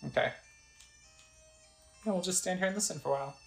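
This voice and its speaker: Brief: casual woman gamer, low voice with a lively lilt, reading on-screen text aloud. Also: fairly quick, pauses often, roomy sound, faint music behind, rough recording. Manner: chatty, describes the screen and reads the text aloud. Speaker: gamer narrating a let's play. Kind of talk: casual gameplay narration.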